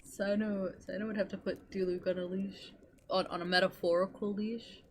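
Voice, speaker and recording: Young female streamer, gushy and profane, mid-pitched, faint background hiss. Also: flat delivery, moderate pace. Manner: rambling, swearing, gushing. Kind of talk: casual chat.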